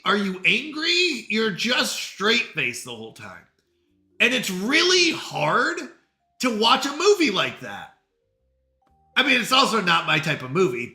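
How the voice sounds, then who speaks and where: Male streamer, casual chatter, high bright animated voice, echoey room. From New York. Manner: animated, acts out quoted people. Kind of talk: casual chat with live chat.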